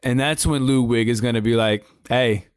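A man co-hosting a wrestling podcast in casual chat, rambling and animated with frequent restarts. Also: medium pitch, fairly quick, clear, resonant tone, no echo, clean studio sound.

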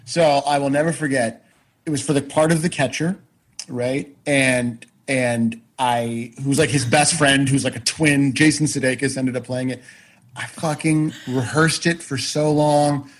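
A man with a slightly husky voice tells a long personal story as a podcast guest. He talks in an animated, loose way, swears freely and restarts his sentences often. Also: mid-range voice, low-quality recording. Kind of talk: casual storytelling chat.

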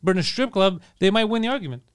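High, clear-voiced man riffing on a bit. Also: expressive, very fast. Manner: riffing on bits, laughs often. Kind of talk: casual comedic chat.

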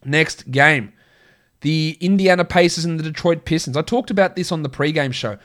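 A man's voice: on the high side, a bit bright. Crackly-voiced man rattling off stats. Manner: rattles off stats in quick lists, chatty and opinionated. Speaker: podcast host. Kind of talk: casual fantasy sports podcast talk.

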